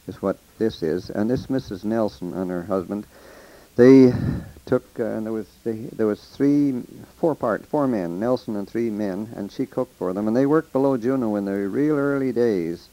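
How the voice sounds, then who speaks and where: This older man's voice sits on the low side, warm in tone and moderate in pace. Recording a taped letter, he spins rambling, folksy stories of the old days in a casual way, full of restarts and quoted voices, captured on a rough recording.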